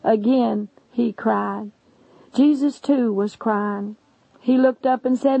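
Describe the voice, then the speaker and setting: A woman's voice: a little high, takes it slowly, gravelly, mellow, no room sound. A woman preacher earnestly narrating a testimony sermon, addressing listeners as friends. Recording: dull lo-fi recording.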